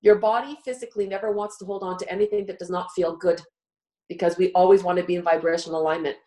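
Woman, middle-aged, earnest step-by-step coaching, somewhat low pitch. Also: steady tone, quick pace, warm tone, poor audio. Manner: earnest coaching, walks listener through steps. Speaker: guest speaker. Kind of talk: live talk show teaching.

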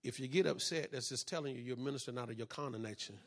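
A pastor with a mid-range voice preaches a sermon and shares his testimony in church at a very fast clip. He uses call and response, building from quiet to loud.

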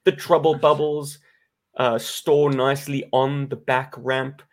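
A man's voice: mid-range voice, slow pace. Wordy South African man co-hosting. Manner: wordy, animated, playful. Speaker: podcast co-host. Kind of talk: casual chat.

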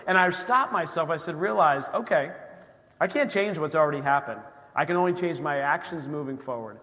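A man's voice: on the high side, fairly quick, sharp tone, big-room sound. A male pastor preaching a sermon in a conversational way, often acting out quoted voices. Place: church sanctuary.

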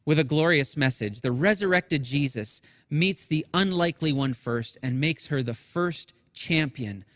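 Middle-aged guy pastor giving a sermon, dry close mic, goes soft and low sometimes. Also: expressive, unhurried, few pauses, no echo, long reverb tail. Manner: earnest preaching, soft and low in reflective passages. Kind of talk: Easter sermon streamed to people at home.

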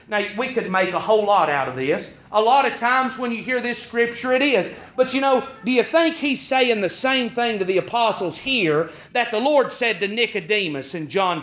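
A man preaching a sermon in a high, ringing voice. He leans on key words and repeats them for stress. The recording is muffled and lo-fi. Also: bright, forceful tone.

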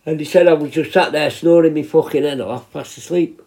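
This fairly quick speaker has a warm voice on the high side. He's a prison healthcare worker in his 50s whose casual storytelling rambles, includes swearing and has many restarts.

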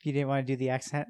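A man's voice: mid-range voice, a little mellow, dry recording. A young man with a mid-range voice chats casually on a podcast, mostly answering in short, easygoing lines and laughing along. The sound is dry and close to the mic. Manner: brief, laid-back replies with laughs. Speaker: podcast co-host. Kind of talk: casual chat.

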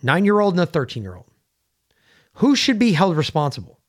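Brief: male podcast co-host, blunt and emphatic, swears freely, slightly higher-pitched voice. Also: big pitch swings, brisk. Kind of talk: casual opinion chat.

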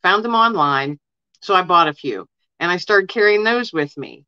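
A woman's voice: fairly low pitch, animated, moderate pace, bright, forceful tone, clear, resonant tone, no room sound, dull audio. A woman guest in an interview, earnestly telling personal stories in a casual way and often saying "you know". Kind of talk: casual storytelling.

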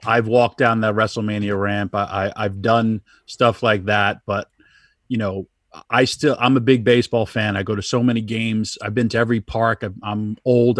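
A man's voice: fairly low pitch, no room sound, clean studio sound. Middle-aged man, rambling wrestler guest. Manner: animated, rambling anecdotes with restarts. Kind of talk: casual storytelling.

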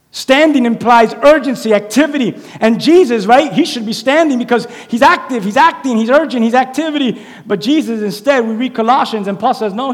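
A man preaching a sermon in a church, animated and conversational, acting out little quotes as he goes. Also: extremely high pitch. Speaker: pastor. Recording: echoey hall reverb.

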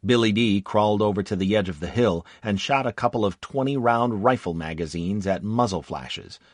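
Brief: low-voiced male narrator, lively delivery, dry close sound, first-person war memoir. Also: no echo. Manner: vivid, dramatic storytelling.

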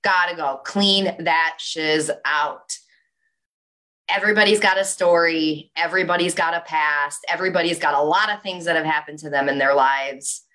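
A young woman speaks with a slightly low voice in an animated, storytelling way. She gives a motivational talk and fills it with casual "like"s. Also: normal speed.

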